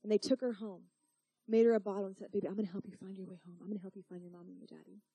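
A woman voicing God as a loving father who asks her calm, searching questions. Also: mid-range voice, fast, no echo, natural voice. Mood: tender.

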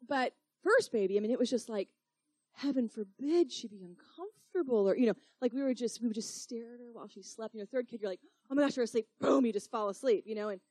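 A woman's voice: fairly high pitch, lively intonation, fast, a little mellow, dry recording. A young woman preaching through a personal story, talking in a casual, emotional way full of "like" and "you know". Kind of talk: sermon storytelling.

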